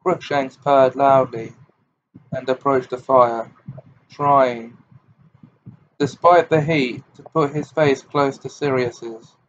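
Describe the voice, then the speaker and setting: A man reads a novel aloud in a steady, plain narrating voice at a middling pitch. The recording is a little dull, with a faint hiss. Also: takes it slowly, pauses often. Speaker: audiobook reader.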